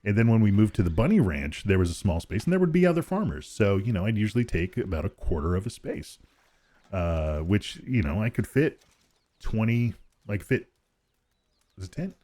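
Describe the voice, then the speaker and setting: A man with a fairly low voice talks his way through a farming game on a live stream. He rambles, laughs easily and keeps restarting his thoughts as he chats to the people watching. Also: sing-song, normal speed, warm tone. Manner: rambling, chatty, laughs often, many restarts. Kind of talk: casual live-stream chat while gaming.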